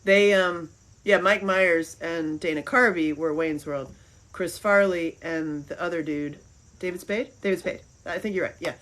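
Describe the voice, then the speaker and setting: A middle-aged woman hosting a podcast, chatting casually and telling rambling, animated stories. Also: lowish voice, a little slow. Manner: rambling, animated storytelling with laughs. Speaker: podcast host. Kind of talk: casual chat.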